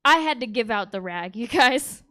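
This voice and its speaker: A woman's voice: a little high, lively intonation, normal speed, sharp tone. A woman doing a stand-up set on a comedy stage, candid and giggly, talking straight to the audience. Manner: giggly, candid, crowd-work. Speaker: stand-up comic.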